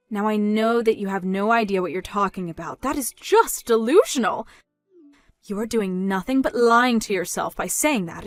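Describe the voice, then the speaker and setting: A woman's voice: on the high side, dry recording. A woman voicing a controlling, scornful middle-aged mother, nagging and incredulous in a scripted story dub.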